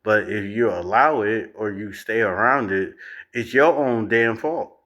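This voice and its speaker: Blunt cursing guy ranting slow, bright forceful voice, lecturing. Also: lowish voice. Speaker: reaction commentator. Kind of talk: profane reaction rant.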